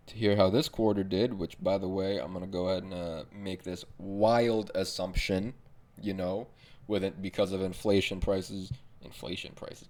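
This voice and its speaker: A young man talks through a solo podcast in a low voice with a gravelly, fry-filled edge. He rambles from thought to thought, swearing freely and poking fun at himself. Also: a little mellow. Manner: profane, rambling, self-mocking. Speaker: podcast host.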